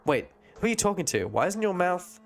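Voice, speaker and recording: A frightened dream figure, played by a man stammers through panicky questions in a voice pitched above his normal range. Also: big pitch swings, fairly quick, a little hiss or hum. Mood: panicked. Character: confused, frightened dream remnant.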